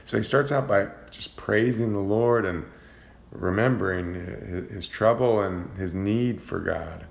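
A man leading an informal Bible study, reading psalms aloud and explaining them in a relaxed, searching way. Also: on the low side, unhurried, gravelly. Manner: reads psalm passages aloud, then comments in a relaxed, searching way with fillers. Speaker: Bible teacher.

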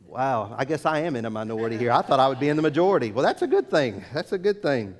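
A middle-aged man preaching a sermon to a congregation, telling a story with halting, repeated words. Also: mid-range voice, big pitch swings. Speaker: pastor. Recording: long reverb of a hall.

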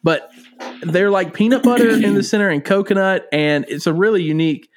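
A man's voice: sits high, a little fast, faint music behind. A man co-hosting a podcast, chatting casually and telling fond stories with lots of laughter. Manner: animated, laughs often, fond storytelling. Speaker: podcast co-host. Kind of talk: casual chat.

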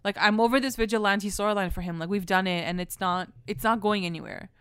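Young woman, casual recap chat, sarcastic and lively, smooth voice, dry sound. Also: medium pitch, fast talker, dry recording. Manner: animated, swears, acts out characters mockingly. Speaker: podcast co-host.

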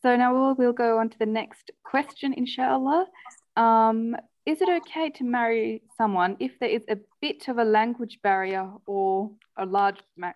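A woman moderating a casual podcast chat, posing questions in a soft-spoken way. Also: on the high side, steady tone, moderate pace, dull audio.

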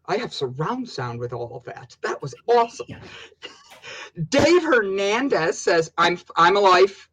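An excitable man co-hosting a casual live stream. His voice is husky and sits high, swinging widely in pitch as he laughs and calls out names. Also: a little slow, rough recording. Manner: excitable, laughs a lot, shouts out viewer names. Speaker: livestream co-host.

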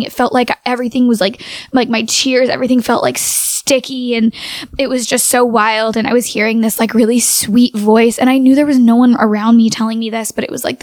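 A woman's voice: a little high, dry recording. A woman telling a personal story in a casual, earnest way, with "like" filling many of her sentences. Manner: earnest, full of "like" fillers.

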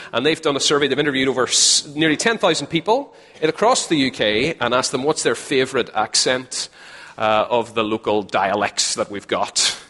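A Northern Irish man preaches to a live crowd in a chatty, joking way, repeating his key phrases for emphasis. His voice sits at an everyday middle pitch. The sound rings with the long reverb of a large hall. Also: fairly bright tone. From Northern Ireland. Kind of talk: sermon.

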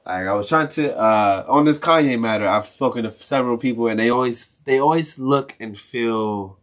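A man's voice: medium pitch, normal speed. A young man from Maryland hosting a casual solo podcast, ranting with lots of swearing, restarts and chuckles. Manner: profane, rambling rant with frequent laughs. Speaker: podcast host.

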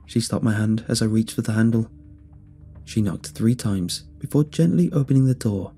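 Male horror storyteller, deep-ish and husky, measured delivery. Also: expressive, dark tone, soft background music. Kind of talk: scripted first-person horror narration.

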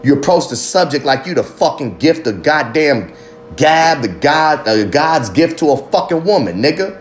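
A man's voice: a little high, sing-song, moderate pace, slight background noise. Fired-up profane man ranting on a podcast. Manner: heated, profane, preachy rant; asks the listener pointed questions. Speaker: podcast host. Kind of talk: impassioned podcast monologue.

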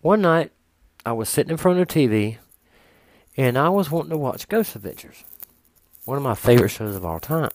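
A man performing a comic monologue, telling an exaggerated story in an animated way. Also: medium pitch, a little fast, pauses often, dry recording. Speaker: comedian.

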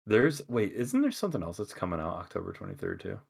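A man co-hosting a casual podcast, talking quickly with sarcastic jokes. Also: fairly low pitch, wildly swooping pitch, gravelly, a little mellow, slightly rough. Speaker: podcast co-host. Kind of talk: casual chat.

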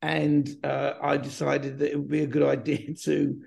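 A man's voice: fairly high pitch, monotone, normal speed, creaky, darkish tone, breathy edge. A middle-aged man, a film director guest, talking in a rambling, hesitant way. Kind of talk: casual interview chat.

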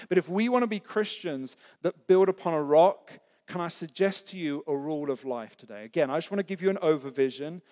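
A man's voice: fairly high pitch, a little mellow. A man preaching a sermon as pastor, earnest and conversational, asking the congregation rhetorical questions. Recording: echoey hall.

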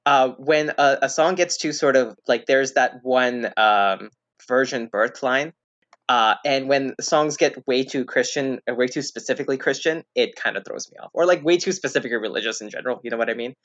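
A man chatting casually as a podcast guest, rambling and hesitant, restarting his sentences and filling pauses as he goes. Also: medium pitch, a bit bright, no room sound. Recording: dull lo-fi dry recording.

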